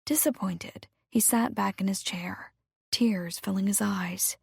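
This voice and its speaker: Slow, gravelly woman narrator. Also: medium pitch, a little mellow, no echo, studio quality. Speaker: audiobook narrator. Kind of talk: scripted narration.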